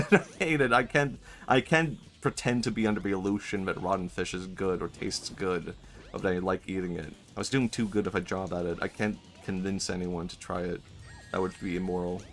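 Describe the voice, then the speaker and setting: A man with a fairly low voice talks casually while he plays a video game, laughing often and swearing along the way. He rambles from one thought to the next into a desk mic, with soft game music underneath. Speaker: streamer. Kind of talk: casual gameplay commentary.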